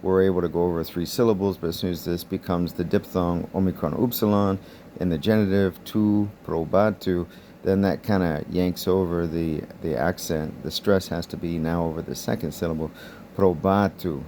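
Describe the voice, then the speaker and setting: A man teaching Koine Greek in a casual, explanatory way. He thinks aloud, pauses to recall words and chuckles lightly as he goes. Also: low voice, fairly even intonation, warm tone, a little hiss or hum.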